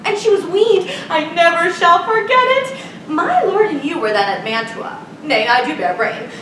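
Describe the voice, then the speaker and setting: A woman's voice: very high-pitched, expressive, normal speed, far from the mic, noisy background. A woman playing a bawdy, chattering old nurse who rambles and giggles, acting live on a theater stage. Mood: chatty. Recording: roomy stage sound from afar.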